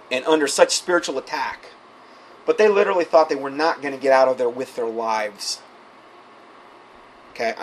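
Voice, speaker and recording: A man's voice: mid-range voice, poor audio. Guy reading out texts in a sermon, stops for asides, um's, bit of background hiss. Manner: reads quoted texts aloud with asides, many fillers. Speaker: preacher reading out messages. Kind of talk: sermon-style recounting.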